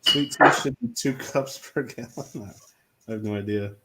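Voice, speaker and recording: A man's voice: mid-range voice, a little slow, very noisy. A playful man chatting casually while playing a farming game, often laughing. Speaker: co-streamer. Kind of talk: casual gameplay chat.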